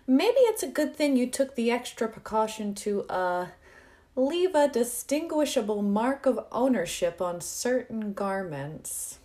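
A woman's voice: a little high, big pitch swings, a little slow, dark tone, voice pushed up. A woman voicing a poised, teasing young college man. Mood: playful. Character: poised, quick-witted young male college student.

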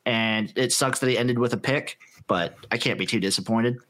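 A man co-hosting a sports podcast, hyped and profane as he fires off quick opinions. His voice sits at an ordinary middle pitch. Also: a bit bright. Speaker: podcast co-host. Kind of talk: casual sports chat.

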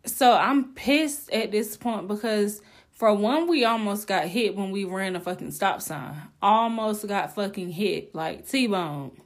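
A woman's voice: medium pitch, unhurried. A young woman hosting a podcast, telling a candid, exclaiming storytime with plenty of swearing. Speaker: podcast host. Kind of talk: casual storytime monologue.

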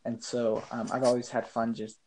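A man chatting as a guest on a podcast, hesitant and filling pauses with ums. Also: mid-range voice, completely flat delivery, noisy background. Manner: hesitant, lots of ums, laughs easily. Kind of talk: casual chat.

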